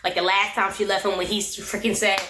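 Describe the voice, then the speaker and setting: A woman's voice: mid-range voice, flat delivery, a little fast, sharp tone, reverberant, slight background noise. A woman casually recapping a reality TV episode, opinionated and slangy, often breaking into laughter. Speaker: recap and review vlogger.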